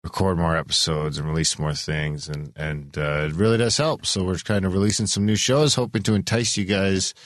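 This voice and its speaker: A man's voice: deep voice, fairly even intonation, brisk, few pauses, no room sound, studio quality. A man hosting a podcast in casual chat, rambling and swearing freely. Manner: rambling, swears often, restarts a lot. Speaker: podcast host.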